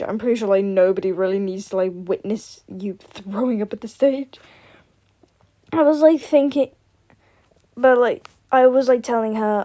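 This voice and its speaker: A young woman chats her way through a building game, rambling from one thought to the next and leaning on filler words. Her voice sits a little high, with a mellow, unforced tone. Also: moderate pace. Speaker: gaming vlogger. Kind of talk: casual chat while playing a building game.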